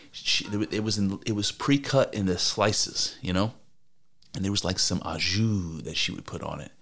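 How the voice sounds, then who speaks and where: A man's voice: on the low side, a bit bright. A man co-hosting a podcast, telling rambling, profane stories full of restarts in casual chat. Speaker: podcast co-host.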